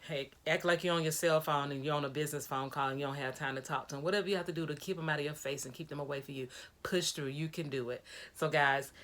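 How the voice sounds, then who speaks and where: A woman vlogger talking casually to her viewers in a video diary, giving an upbeat, preachy pep talk. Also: low-pitched.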